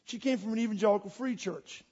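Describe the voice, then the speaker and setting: A man preaching a sermon as a pastor, leading a prayer and then telling joking, animated stories. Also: high voice, quick pace, breathy edge, lo-fi sound.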